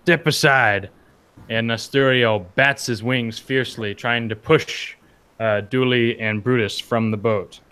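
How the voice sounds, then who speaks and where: Male game master, relaxed narration, middle pitch, halting. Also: smooth. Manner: relaxed, full of fillers and restarts.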